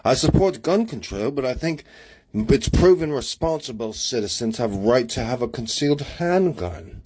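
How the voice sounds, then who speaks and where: A man's voice: mid-range voice, expressive, moderate pace, darkish tone, husky. A man talking through his daily journal in a rambling, candid, opinionated way. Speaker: vlogger writing a daily journal. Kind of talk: casual spoken diary. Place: Honolulu.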